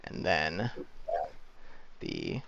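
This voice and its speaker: Brief: male game master, gravelly, casual, dull lo-fi mic. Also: very deep voice, huge pitch swings, drawn-out words, a bit bright. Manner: casual, swearing, distracted by a cat. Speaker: dungeon master. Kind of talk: running a tabletop game over voice chat.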